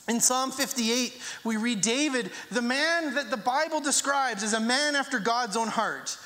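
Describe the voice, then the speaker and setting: A man's voice: very high-pitched, normal speed, hardly any pauses, bright, forceful tone. A man preaching a sermon in a conversational way, acting out prayers with rising emphasis. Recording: long hall reverb.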